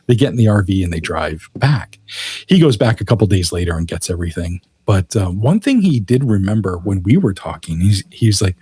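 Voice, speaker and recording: A low-voiced man with a husky edge retells events as a podcast guest. His delivery is casual and vivid, full of "you know". The sound is close and dry, with no room around it. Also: sing-song, a little fast, warm tone, dry recording. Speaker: guest storyteller, author. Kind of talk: casual storytelling.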